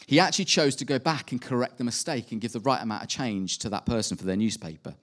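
Guy preaching, chatty sermon, gets animated with rhetorical questions. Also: medium pitch, fast talker. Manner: conversational, with animated rhetorical asides.

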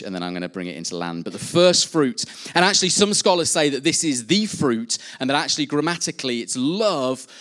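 Pastor guy preaching, earnest, pushes up then drops low, mid voice. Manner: earnest preaching, rising and dropping emphasis. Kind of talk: sermon.

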